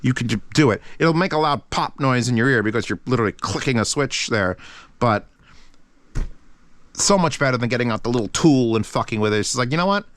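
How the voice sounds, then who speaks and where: A man with a medium-pitched voice hosts a casual review channel, talking fairly quickly in an excitable, rambling way with lots of swearing. There is no room sound.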